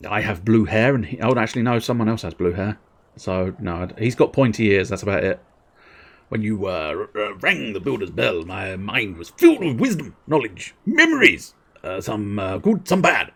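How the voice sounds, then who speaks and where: A man's voice: lowish voice, big pitch swings, normal speed, breathy edge, heavily acted. A man voicing a rambling, self-important old king in a video game, pompous and stumbling over fillers.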